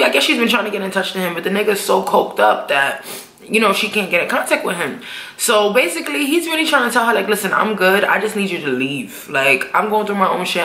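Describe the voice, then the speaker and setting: Woman reviewer, loose and profane, recaps a TV episode, gravelly fry, echoey room. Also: medium pitch, a bit bright. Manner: slangy, profane, acts out characters' lines. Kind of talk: casual recap vlog.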